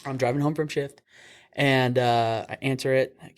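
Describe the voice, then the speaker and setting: A young man, an EMT and podcast host, telling a story with lively acted-out quotes and frequent laughter. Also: mid-range voice, normal speed. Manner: animated storyteller, acts out quotes, laughs often. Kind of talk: casual storytelling chat.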